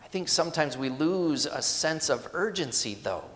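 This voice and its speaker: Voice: medium pitch, animated, moderate pace, fairly bright tone. Pastor preaching in a reverberant church. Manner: emphatic, rhetorical questions, conversational asides. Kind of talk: sermon.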